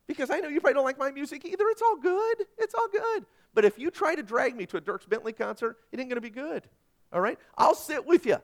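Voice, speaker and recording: Animated, high-voiced pastor preaching. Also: male voice. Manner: animated, self-deprecating, jumps between loud and hushed. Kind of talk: sermon.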